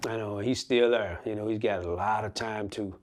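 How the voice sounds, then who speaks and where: A man, a pastor, telling his own story in an interview, earnest and animated, acting out the voices he quotes. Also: on the low side, normal speed. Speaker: pastor and guest. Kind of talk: emotional personal storytelling.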